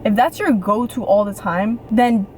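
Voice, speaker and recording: Young adult woman, faith vlogger, casual and lively, middle pitch, light background noise. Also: a little slow. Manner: chatty and animated, repeats phrases for emphasis. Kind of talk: casual talk to camera.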